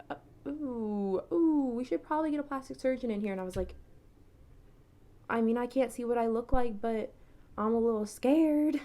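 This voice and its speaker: Young woman rambling through a storytime, says like a lot, middle pitch. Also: darkish tone. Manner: chatty, lots of "like" fillers. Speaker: TikTok creator. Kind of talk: casual storytime.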